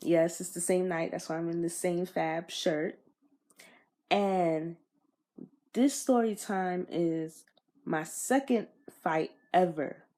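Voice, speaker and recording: A young woman vlogger telling a storytime casually in slang, swearing and getting animated, recorded on an iPod camera. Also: takes it slowly. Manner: animated, slangy, swears, pitch jumps when riled.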